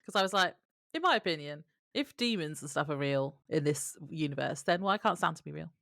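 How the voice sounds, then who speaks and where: A woman's voice: sits low, animated, fairly quick, vocal fry, fairly bright tone, dry recording, studio quality. A woman co-hosting a podcast who reads from her notes in casual chat and laughs often. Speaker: podcast co-host. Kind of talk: casual chat recapping a TV episode.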